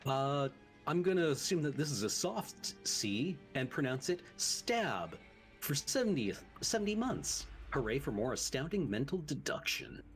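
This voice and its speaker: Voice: mid-range voice, big pitch swings, normal speed, soft background music. A stream co-host in casual chat, reading subscriber thanks and stumbling over names.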